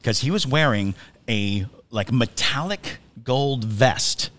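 A man's voice: medium pitch, lively intonation, takes it slowly, a bit bright. A man co-hosting a podcast, telling a story in a casual, chatty way, restarting his sentences and chuckling as he goes. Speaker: podcast co-host.

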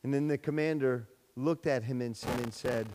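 A man's voice: mid-range voice, moderate pace, noisy background. A man preaching a sermon as pastor, telling a story with many restarts and repeated words, and raising his voice sharply for the lines of the story. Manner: storytelling, repeats words, grows loud for dialogue. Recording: long hall reverb.

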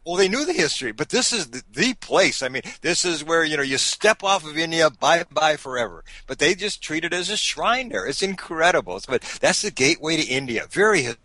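A man's voice: fairly high pitch, brisk, hardly any pauses, no echo. A man telling travel stories in a casual interview, laughing often and restarting his sentences. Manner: animated, laughing storyteller with many restarts. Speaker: podcast guest recounting a sailing voyage.

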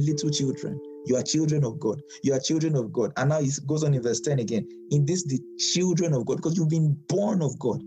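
A man with a slightly high, mellow voice teaches scripture verse by verse. He talks in a relaxed, conversational way, repeats key phrases and asks his listeners questions. Faint instrumental music plays behind him. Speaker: Bible teacher.

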